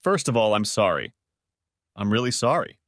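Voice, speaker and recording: A man voicing a tired, remorseful wife who pleads and apologizes in a softened, higher voice, with lively inflection. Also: normal speed, no room sound, clean studio sound. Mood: remorseful, pleading.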